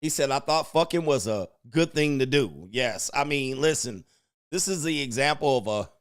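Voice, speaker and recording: A man's voice: mid-range voice, lively intonation, moderate pace, clean tone. A man, a dating coach host, reacting to a video with mocking commentary and laughing asides.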